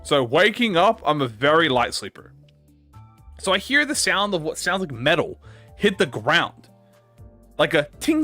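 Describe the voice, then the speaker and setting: A man talking as a gaming YouTuber in a casual story-time chat, excitable, swearing a lot and restarting his sentences. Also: sits high, moderate pace, long pauses, faint music behind.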